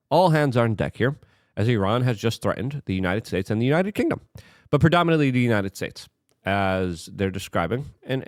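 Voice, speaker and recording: A man's voice: fairly low pitch, dry recording, studio quality. A man giving heated, sarcastic political commentary and talking straight to the viewer.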